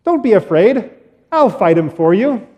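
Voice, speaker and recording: A man voicing a young shepherd boy who speaks calmly and confidently, told in a church sermon. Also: sits high, measured pace, in a large hall, lo-fi sound, pitched above the performer's own voice. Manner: calm, confident declarations.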